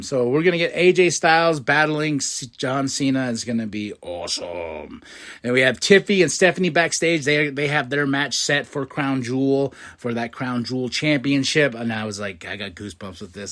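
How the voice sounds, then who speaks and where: A man hosting a podcast in a casual, excitable recap, laughing often and acting out quotes. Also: mid-range voice, moderate pace. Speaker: podcast host recapping wrestling.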